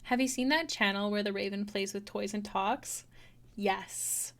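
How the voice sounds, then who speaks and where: A woman's voice: mid-range voice, unhurried. A woman artist chatting casually with her viewers while drawing on a livestream, encouraging, laughing easily and swearing now and then. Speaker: artist streamer.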